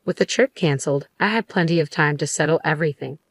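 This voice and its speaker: Low-voiced woman narrating a story. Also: quick pace, dry recording. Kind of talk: scripted first-person narration.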